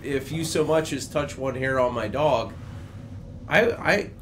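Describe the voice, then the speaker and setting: A man appearing as a podcast guest in casual chat, easygoing and quick to agree. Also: mid-range voice, a little hiss or hum. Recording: loud crowd chatter behind.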